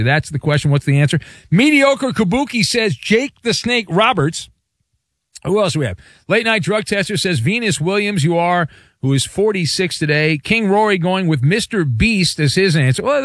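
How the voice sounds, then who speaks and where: A man's voice: on the high side, no echo, clean studio sound. A man hosting a casual sports talk radio show, reading listener answers and joking around. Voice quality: playful, loose delivery with shouted bits.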